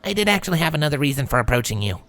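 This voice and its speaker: A man's voice: on the high side, sing-song, very fast, a bit bright, dry recording, pitched above the performer's own voice. A man voicing a brash, blunt young pegasus mare in a fanfiction reading, with a raised, teasing voice. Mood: breezy.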